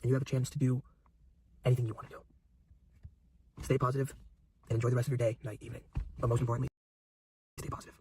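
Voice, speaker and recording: A man's voice: medium pitch, little pitch movement, quick pace, long pauses, a little mellow, husky. A young man giving an emotional, intense motivational monologue, repeating phrases for emphasis. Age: young adult. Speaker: YouTuber.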